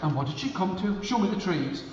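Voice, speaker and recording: A high, lively male storyteller who leads children through a folk tale, coaxing them to do the actions with him. His voice swings widely in pitch, and it rings through a school hall with a long echo and faint room noise. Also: brisk. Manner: animated, coaxing the audience to join in with actions.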